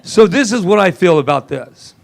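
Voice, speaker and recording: A man preaching a lively sermon in a church service, joking and laughing often with the congregation. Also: high-pitched, moderate pace, vocal fry. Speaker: minister.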